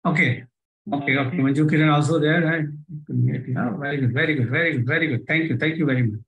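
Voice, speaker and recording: A man's voice: a little high, quick pace, fairly bright tone, rough recording. A man with an Indian English accent leading a live online workshop by video call, coaxing listeners through exercises with lots of repetition. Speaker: workshop trainer.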